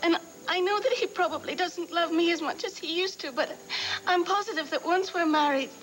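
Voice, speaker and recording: A woman's voice: very high-pitched, brisk, a bit bright, poor audio. An actress playing a needy young bride-to-be pleading with her father in a soap opera. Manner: pleading and emotional. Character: spoiled young bride, needy and tearful daddy's girl. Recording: music under the dialogue.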